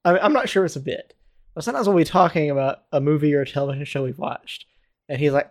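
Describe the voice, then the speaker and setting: A man's voice: fairly high pitch, fast talker. Chatty young man, laughing podcast co-host. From Baltimore. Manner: laughs often, rambling with fillers. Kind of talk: casual podcast chat.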